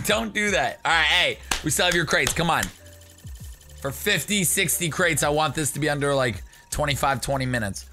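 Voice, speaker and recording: Hyped young man shouting over crate openings. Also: fairly high pitch, normal speed, faint music behind. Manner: excitable, jokey, bursts into shouts. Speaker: gaming video host. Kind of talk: hyped gaming commentary.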